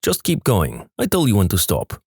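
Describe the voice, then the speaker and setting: A man's voice: lowish voice, huge pitch swings, moderate pace, a little mellow, breathy edge, no room sound, clean studio sound, full character voice. A man voicing a kindly elderly Russian grandmother who speaks in clipped, broken phrases with a put-on Russian accent. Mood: fond.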